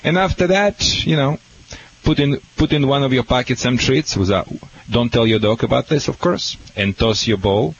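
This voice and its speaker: A man's voice: medium pitch, moderate pace, muffled recording, a little hiss or hum. A man with a Russian accent, a dog trainer giving blunt, boastful advice on a call-in radio show.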